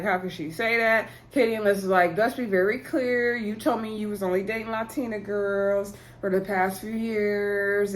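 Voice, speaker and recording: A woman speaking, chatting casually as she recaps a reality show and reenacts what the cast said. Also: mid-range voice. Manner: chatty, animated retelling with quoted voices and laughs.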